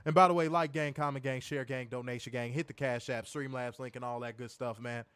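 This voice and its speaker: A man's voice: mid-range voice, fairly even intonation, fairly quick, a bit bright, smooth, dry recording. A man co-hosting a live wrestling review stream, casual and profane, laughing often and reading viewer comments aloud. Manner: reads viewer super chats aloud. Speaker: wrestling show co-host.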